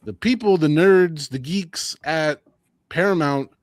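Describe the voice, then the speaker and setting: A man co-hosting a combat sports podcast, talking in a casual, animated and opinionated way, often repeating his phrases. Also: on the high side, takes it slowly, no room sound, clean studio sound. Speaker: podcast co-host.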